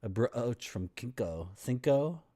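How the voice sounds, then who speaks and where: A man's voice: medium pitch, lively intonation, takes it slowly, dark tone. A man from Toronto, playfully reading game text and rambling as a streamer. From Toronto, Canada. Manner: playful, rambling, toys with words. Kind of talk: gameplay commentary, reading game text aloud.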